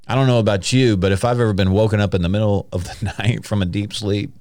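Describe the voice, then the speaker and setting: A man hosts a Christian podcast from a studio, his voice sitting very low. He talks in lively, loose bursts, laughing and throwing in praise exclamations. The sound is dry and close, with no room around it. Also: fast talker, dry recording. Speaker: podcast host. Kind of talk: casual Christian podcast chat.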